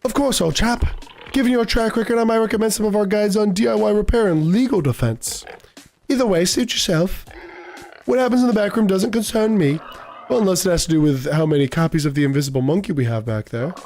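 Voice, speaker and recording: A man's voice: high-pitched, brisk, darkish tone, faint music behind, pitched above the performer's own voice. A man voicing a pompous, posh male bookstore clerk in a video game, talking down to people. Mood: haughty. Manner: pompous, says "old chap".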